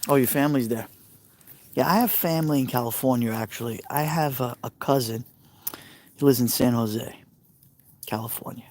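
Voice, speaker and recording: A man's voice: mid-range voice, normal speed, long pauses, a little mellow. A man with a Brooklyn Italian American accent, chatting casually on a live stream and answering viewers' messages aloud. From New York. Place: outdoors by a fire pit at night.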